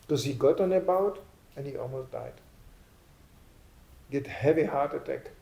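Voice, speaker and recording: Animated man preaching, echoey room. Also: unhurried, gravelly, long pauses. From Sweden. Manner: animated, acts out quotes with raised pitch. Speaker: spiritual lecturer. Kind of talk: storytelling sermon.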